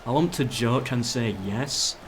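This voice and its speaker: Over noisy background game music, a man with a mid-range voice talks at a measured pace while playing a strategy game live. He's chatty, gives orders to his troops, and talks with viewers in chat.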